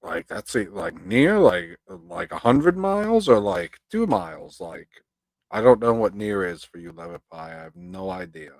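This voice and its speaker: His low voice has a sing-song, slightly mellow quality, and he keeps a measured pace while casually chatting with stream viewers and reading their comments out loud. Profanity flows freely as he rambles and rants. The audio is dry and poor.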